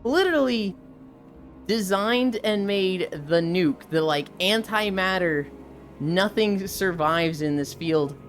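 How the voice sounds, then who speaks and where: A young woman streaming live and chatting casually, retelling an anime with lively, profane commentary and acted quotes. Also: medium pitch, takes it slowly, soft background music.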